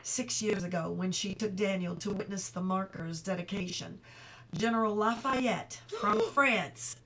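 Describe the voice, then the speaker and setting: A middle-aged woman reading a novel aloud at home, steady and clear, now and then stopping for chatty asides. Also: medium pitch, a little slow. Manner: reads steadily, breaks off for chatty asides and laughter. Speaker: audiobook reader.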